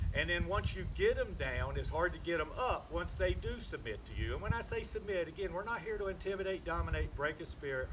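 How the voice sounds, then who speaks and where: Dog trainer, male, Southern US accent, slightly high voice, calm and explanatory with clipped commands; noisy outdoor recording. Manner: calm, explains while giving short commands.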